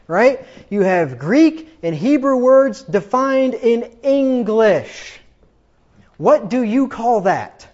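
Combative high-voiced preacher, lo-fi. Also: male voice, darkish tone. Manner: combative, sarcastic, rising to emphatic peaks. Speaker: pastor. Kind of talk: sermon.

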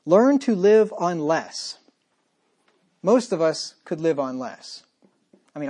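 A man's voice: on the high side, mellow, slightly rough. A man preaching a sermon as pastor, talking straight to his listeners with emphatic repetition and rhetorical questions.

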